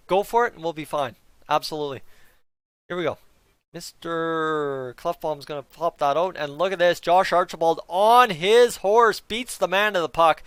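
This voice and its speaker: Guy doing a live fan reaction stream, hyped and chatty, kinda high voice, close dry mic. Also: brisk, clean tone, no room sound. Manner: excitable, breaks into auctioneer-style countdowns.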